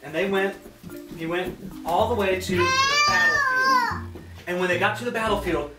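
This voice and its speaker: A woman telling a Bible story to preschoolers, animated and coaxing the children to act it out with her. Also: on the low side, fairly quick. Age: adult. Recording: echoey hall, distant mic, loud music.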